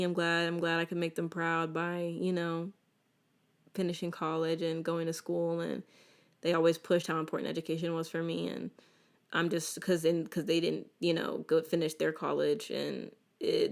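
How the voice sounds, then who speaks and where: A young adult woman hosting a casual solo podcast, telling animated stories with lots of restarts. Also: fairly low pitch, creaky. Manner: animated, chatty storytelling with many restarts. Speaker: podcast host.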